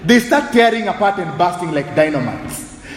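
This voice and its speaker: A man preaching a sermon with animated, humorous delivery, mixing English and Swahili. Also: high-pitched, moderate pace, roomy sound, long reverb tail, rough recording. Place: church sanctuary.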